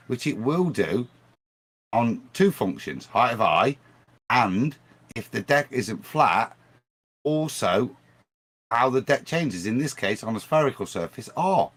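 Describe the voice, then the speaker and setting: Animated man arguing a point. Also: mid-range voice, slow. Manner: animated, argumentative, restarts phrases. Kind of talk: casual livestream discussion.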